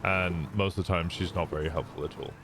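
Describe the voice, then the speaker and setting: Give me a low-pitched young man chatting casually on a stream, swearing freely, with a noisy background. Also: quick pace, fairly bright tone. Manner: loose and chatty, swears often, stumbles and restarts. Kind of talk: casual chat to a live stream chat.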